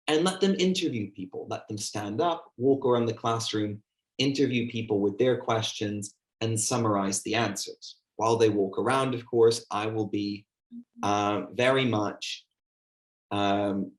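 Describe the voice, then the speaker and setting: A man running an online teaching workshop, chatty and full of fillers, acting out how he talks to a class. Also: fairly low pitch. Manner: chatty, filler-heavy, demonstrates classroom talk. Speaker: teacher trainer.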